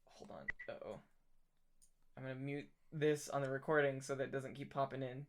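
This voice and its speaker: A man's voice: medium pitch, a little fast. A man hosting a podcast in casual, joking chat. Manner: chatty, joking. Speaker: podcast host.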